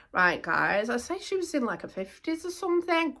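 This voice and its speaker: Lady vlogging to the camera, animated and indignant, keeps repeating herself, bright sharp voice. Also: mid-range voice, normal speed, few pauses. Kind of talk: casual chat to camera.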